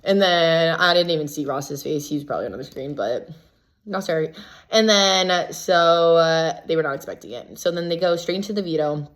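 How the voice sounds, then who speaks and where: A woman casually recapping events as a reality show contestant, chatty and full of "like" fillers, lively when she quotes others. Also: deep voice, normal speed. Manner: chatty, filler-heavy with constant "like"; gossipy and animated when quoting others.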